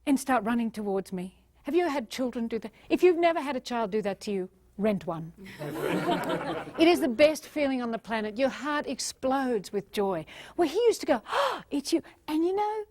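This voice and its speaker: Lively high-voiced woman leading a seminar. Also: moderate pace, no room sound. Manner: playful, animated, addresses the audience directly and leads exercises. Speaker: communication and leadership trainer. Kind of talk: motivational seminar talk to a live audience.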